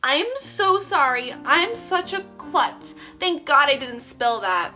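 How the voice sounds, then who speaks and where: A woman voicing a bubbly, boy-crazy teen girl heroine with a gushing, breathy excitement. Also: high voice, slow pace, soft background music, voice pushed up, exaggerated voice.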